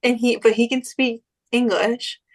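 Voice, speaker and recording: A woman's voice: fairly high pitch, steady tone, a little slow. Chatty young woman telling a story. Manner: chatty storyteller, acts out quoted lines. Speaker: podcast co-host. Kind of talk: casual chat.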